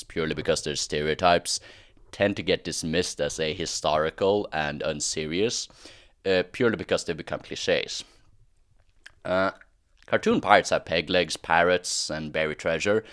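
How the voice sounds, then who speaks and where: A man's voice: low voice, a bit bright, no echo, clean studio sound. A man hosting a history explainer, talking in a casual, wry way with the odd "uh". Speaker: history channel host. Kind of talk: explainer narration.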